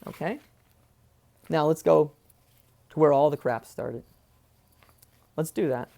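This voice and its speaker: A vlogger sits in his chair at home, wearing headphones on a close mic, and tells a family story in a heated, indignant way full of rhetorical questions and swearing. His voice is on the high side, creaky and mellow, and he speaks slowly.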